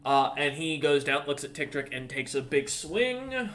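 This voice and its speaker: Running an online tabletop game as dungeon master, a man talks casually in a high voice with big pitch swings and a somewhat bright tone. He is halting, full of ums and uhs, and curses now and then, with slight background noise in the recording.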